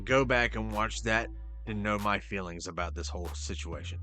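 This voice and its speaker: A man hosting a podcast, recapping a wrestling show in casual, profane chat and quickly voicing the people he quotes. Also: on the low side, soft background music. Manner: profane, excitable, retells scenes in quick voices. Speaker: podcast host.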